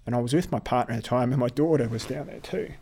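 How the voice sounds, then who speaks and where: Man interviewee, average pitch, halting, repetitive storytelling, blunt. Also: gravelly, dark tone, husky. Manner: halting, repeats words, restarts; blunt, swears when upset. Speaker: interviewee, veteran athlete. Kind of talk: personal storytelling.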